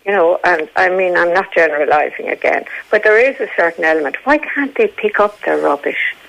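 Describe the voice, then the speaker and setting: A woman's voice: lowish voice, expressive, brisk, gravelly, fairly bright tone, poor audio. An Irish woman in her eighties, from Dublin, chatting forthrightly on a radio panel and telling stories. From Dublin, Ireland. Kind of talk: casual radio chat.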